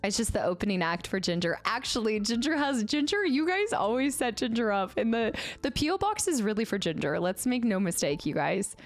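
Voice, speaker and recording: Young woman livestreamer, bubbly and chatty, higher-pitched voice. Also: big pitch swings, fairly quick, few pauses, faint music behind. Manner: bubbly and chatty, coos at her pet. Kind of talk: casual livestream chat.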